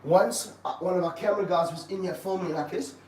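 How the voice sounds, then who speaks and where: Handling a snake on a live stream, this keeper talks a little fast in a fairly high male voice, lurching from eager bursts into low muttering. The mic sits well away from him in a large indoor room of snake enclosures, where a soft hum lingers.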